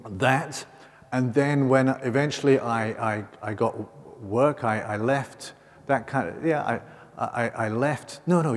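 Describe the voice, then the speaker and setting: Husky-voiced Scottish priest in a reverberant cathedral. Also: male voice, mid-range voice. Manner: rambling, self-correcting storytelling with frequent fillers. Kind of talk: homily at Mass. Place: large cathedral.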